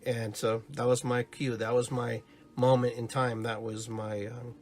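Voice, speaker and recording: A man's voice: mid-range voice, little pitch movement, a little slow. A man hosting a live-streamed podcast, chatting casually and rambling, who greets his viewers and acts out little stories. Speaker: podcast host.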